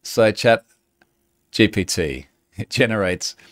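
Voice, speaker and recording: A man hosting a show in casual chat, sardonic and animated and often breaking into laughter. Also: on the low side, slow pace, dry recording, clean studio sound.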